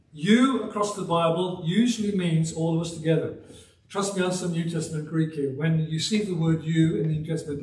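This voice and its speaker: An older English preacher with a softened West Midlands accent delivers a sermon in a folksy, emphatic way, breaking into small chuckles. His voice sits a little higher than most men's. It is picked up from some distance in a roomy church hall. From Black Country, West Midlands of England.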